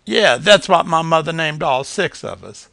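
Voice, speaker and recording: A high, stammering little possum boy with a drawl, played in a storybook reading, as a man puts him on. He trips over his words, his pitch swoops all over the place, and the sound is close and dry. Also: expressive, moderate pace, vocal fry, sharp tone, no echo, exaggerated voice. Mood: puzzled. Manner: stutters, drawling southern speech. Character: small stuttering young male possum.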